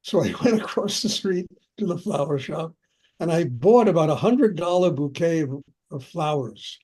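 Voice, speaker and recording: Telling personal stories in a question-and-answer talk, an older spiritual teacher is chatty and anecdotal, laughing often and repeating "you know." His voice is on the high side, expressive, warm and husky, at a moderate pace.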